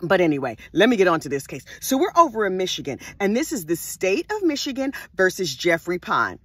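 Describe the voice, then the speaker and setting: A woman casually telling a true crime story in an animated way, full of sassy asides. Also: lowish voice, a little fast, breathy edge, no echo.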